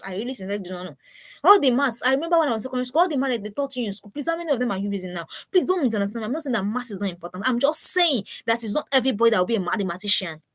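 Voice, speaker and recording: A woman's voice: fairly high pitch, dry recording. A woman giving an earnest, preachy live talk to parents, often repeating herself. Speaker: parenting speaker.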